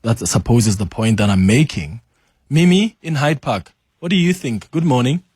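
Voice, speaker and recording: A man's voice: medium pitch, lively intonation, normal speed, a little mellow, husky, dry recording, clean studio sound. A South African man hosting a talk radio call-in show, conversational and affirming as he moderates callers. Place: radio studio.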